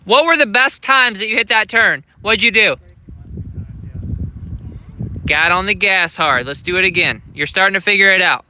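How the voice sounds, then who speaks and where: A man coaching a rider at an outdoor motocross track, giving blunt, urgent instructions and cheering loudly, recorded on a handheld phone. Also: sits high, animated, fairly quick, a little hiss or hum, rough recording. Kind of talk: live-streamed riding coaching. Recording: loud motorcycle engines outdoors on phone.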